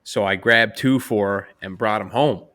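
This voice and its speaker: A man's voice: on the low side, moderate pace, sharp tone. A man telling crude, joking stories in a casual podcast chat among friends. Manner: crude, joking, laughs at his own stories. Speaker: podcast co-host.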